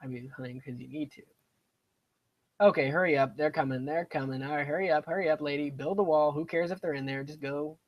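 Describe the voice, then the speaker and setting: Speaking fast in a fairly high, steady voice, this young male streamer gives casual commentary on a strategy game, muttering to himself about each move and wandering into digressions. The recording is dry and sounds dull.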